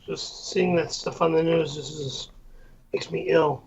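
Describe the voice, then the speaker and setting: A man's voice: fairly high pitch, fairly even intonation, a little slow, darkish tone, lo-fi sound. A man hosting a casual livestream, making blunt, short remarks. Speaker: show host.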